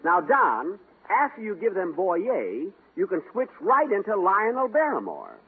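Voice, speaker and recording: A man's voice: high voice, huge pitch swings, a little slow, slightly rough. A man hosting a 1940s radio comedy, playing it exasperated and indignant. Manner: exasperated, indignant comic timing. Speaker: comedy show host. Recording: tinny old radio broadcast.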